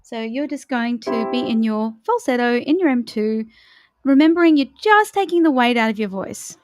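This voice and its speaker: A woman vocal coach leading a live warm-up lesson, chatty and encouraging as she demonstrates exercises. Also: fairly high pitch, lively intonation, moderate pace, dry recording, clean studio sound, faint music behind.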